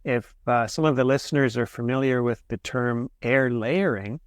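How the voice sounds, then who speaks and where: Calm explaining man, dry close sound. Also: mid-range voice, moderate pace, no echo. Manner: patient, explanatory, frequent restarts. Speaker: horticulturist guest. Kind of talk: casual interview answers.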